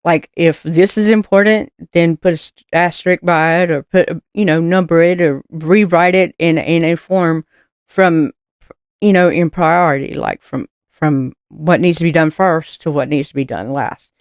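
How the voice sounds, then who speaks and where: A woman's voice: fairly low pitch, steady tone, moderate pace, clean tone, no echo, clean studio sound. A woman giving casual motivational talk as a vlogger, chatty and rambling with fillers, earnest and encouraging. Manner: encouraging and earnest, laughing at herself.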